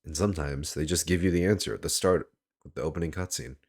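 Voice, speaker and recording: A man's voice: low-pitched, quick pace, slightly rough. A man casually commenting while streaming a game, rambling and thinking aloud.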